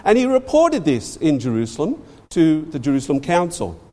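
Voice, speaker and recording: A man's voice: a little high, wildly swooping pitch, moderate pace, mellow. A man preaching a sermon, emphatic, repeating phrases and leaning hard on key words. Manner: emphatic, rising and falling for stress, repeats phrases. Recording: long hall reverb.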